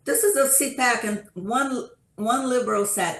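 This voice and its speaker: Woman, panel guest, animated, stop-start telling, echoey room. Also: fairly high pitch, a little slow. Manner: animated storytelling with many restarts. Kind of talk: casual panel chat.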